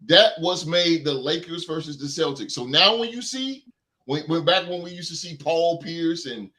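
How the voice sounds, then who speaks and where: A man's voice: a little high, animated, normal speed, pushed and bright. A man hosting a sports podcast, ranting with emphatic repetition and then reading sports news aloud. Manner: emphatic, repeats phrases for effect. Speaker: podcast host.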